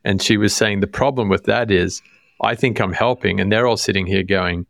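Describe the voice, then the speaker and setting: A man hosting a podcast, asking questions and giving examples in a relaxed, easygoing way. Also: fairly low pitch, normal speed, vocal fry, dry recording. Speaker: podcast host. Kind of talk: casual interview talk.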